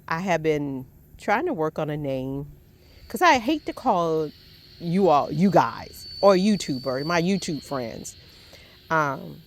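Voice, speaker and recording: Southern woman, middle-aged, low rambling storyteller by the water, faint crickets behind. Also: slight background noise. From Southern United States. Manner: chatty, rambling, laughs often. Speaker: fishing vlogger. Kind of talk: casual storytelling while fishing. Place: outdoors by the water.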